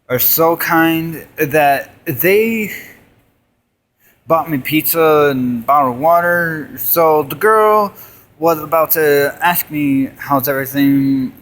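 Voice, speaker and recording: A young amateur comedian delivers a rambling comedy monologue, hopping between bits, jokes, stories and put-on voices. His voice is a little high and a bit bright, with faint background noise in the recording.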